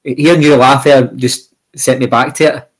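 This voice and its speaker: A Scottish man hosting a podcast, chatting and asking questions in a relaxed, friendly way. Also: mid-range voice, normal speed, breathy edge, low-quality recording. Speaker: podcast host. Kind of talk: interview chat.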